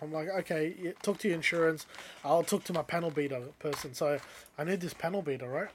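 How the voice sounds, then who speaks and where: Animated man telling a story. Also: on the high side, normal speed, a little hiss or hum. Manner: animated, rising loud when quoting others. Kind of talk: casual storytelling.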